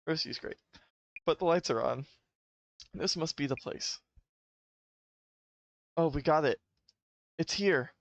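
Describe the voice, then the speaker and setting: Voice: mid-range voice, slow, creaky, long pauses, no room sound, lo-fi sound. A streamer chatting casually while playing, joking and trailing off with sighs as they talk. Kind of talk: casual gameplay chat, reading dialogue aloud. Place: home streaming setup. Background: game music.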